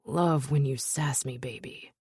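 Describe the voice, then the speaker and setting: A woman narrator voicing a brooding, protective husband in a low, husky murmur. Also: a little slow, dark tone, no room sound, clean studio sound, heavily acted. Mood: teasing.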